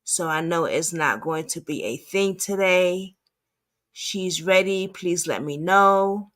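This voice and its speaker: A woman advocate reading text messages aloud with commentary, in a halting, stumbling way with restarts. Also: fairly low pitch, fairly bright tone.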